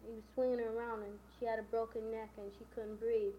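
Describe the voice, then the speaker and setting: A woman's voice: on the high side, flat delivery, fast talker. A woman casually retelling the plot of a novel, stringing events together with "and then" and "you know". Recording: dull lo-fi recording with faint hiss.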